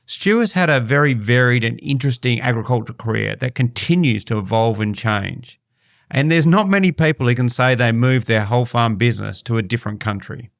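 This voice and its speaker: Gravelly Australian man hosting a podcast. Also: medium pitch, animated, fairly quick, no room sound, clean studio sound. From Western Australia. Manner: laid-back, matey, with fillers and restarts. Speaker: podcast host. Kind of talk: casual podcast interview.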